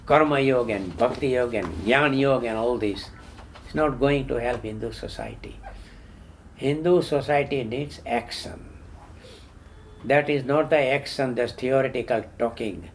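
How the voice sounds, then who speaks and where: A man's voice: medium pitch, a little hiss or hum. An older man speaking as an activist in an impassioned talk, emphatic, repeating words and rising sharply on his questions. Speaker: Hindu activist.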